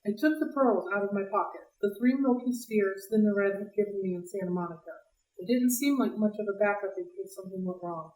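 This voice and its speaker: A woman reading a novel aloud for a library read-along, in a lively, expressive way. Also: mid-range voice, fairly quick. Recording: roomy, distant mic.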